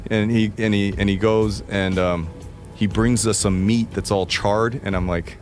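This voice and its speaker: A man's voice: fairly low pitch, fairly even intonation, measured pace, a little mellow, soft background music. A man in his forties telling a casual anecdote in a loose, profane way, laughing easily. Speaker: guest storyteller in a played clip.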